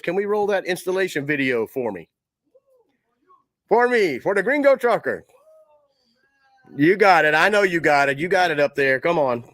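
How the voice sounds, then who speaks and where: A man hosting a trucking show in an easy, conversational way that slides into a salesman's pitch. His voice sits at a middle pitch, and he often restarts his sentences. The sound is dry and close, with no echo. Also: fairly bright tone. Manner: chatty and salesman-like, with frequent restarts. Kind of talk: casual commentary with a live ad read.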